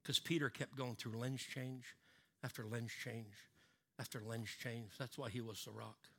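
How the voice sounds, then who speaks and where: A man preaching a sermon, swinging from loud emphatic lines down to low, hushed ones. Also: fairly even intonation, a little slow, breathy edge. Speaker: pastor.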